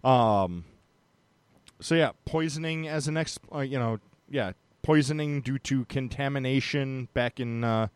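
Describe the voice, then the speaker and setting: A man's voice: medium pitch, measured pace, clean tone, no echo. Rambling, joking male podcast host. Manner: rambling, many fillers, joking. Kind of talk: casual podcast chat.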